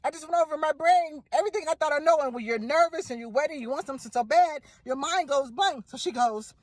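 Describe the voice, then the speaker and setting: A woman excitedly telling a personal story to camera, gushing and repeating phrases for emphasis. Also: high-pitched, fast talker, dry recording.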